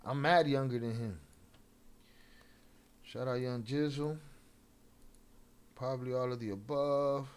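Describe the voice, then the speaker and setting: Ranting at chat during his livestream, a young adult man curses, confronts commenters, and uses Spanish slang. Unusually, his mid-range, smooth voice stays fairly even, taking it slowly with long pauses.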